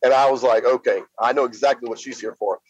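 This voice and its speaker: A middle-aged man from Louisiana, a guest recounting events in a plain-spoken, halting way full of fillers. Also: medium pitch, fairly even intonation, husky. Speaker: interview guest. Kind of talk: casual spoken storytelling. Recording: slightly dull lo-fi sound.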